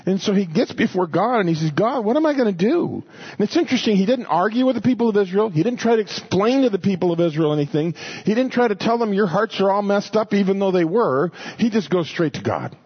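A man's voice: high voice, fast, slightly rough, dull audio. A man preaching a sermon, teaching through a passage, restarting phrases and acting out the quoted speakers. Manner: animated, repeats words, voices quoted people.

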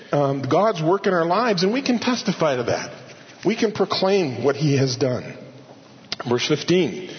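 Guy preaching, chatty, repeats himself, answers his own questions, kinda higher voice, muffled old recording in a big echoey hall. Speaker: pastor. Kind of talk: expository sermon.

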